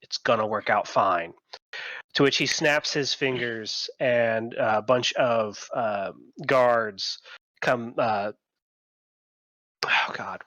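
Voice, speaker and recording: A man runs a tabletop game over a voice call, narrating loosely with plenty of ums and quick laughs. His voice is bright and clear, recorded dry and close. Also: medium pitch, dry recording. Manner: relaxed, filler-heavy narration with laughs. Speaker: dungeon master.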